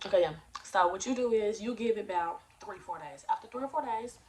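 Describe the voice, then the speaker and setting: A woman's voice: mid-range voice, fairly quick, a little mellow, distant mic, slight background noise. A young woman giving casual, slangy job-search advice in a chatty way, acting out phone calls as she goes.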